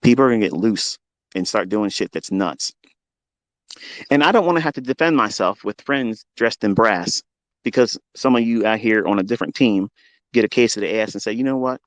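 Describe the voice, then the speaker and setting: A man's voice: on the low side, normal speed, fairly bright tone, no room sound. Profane, combative man ranting. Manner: profane, confrontational, boastful. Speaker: trading mentor hosting a live audio room. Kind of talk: unscripted live audio rant.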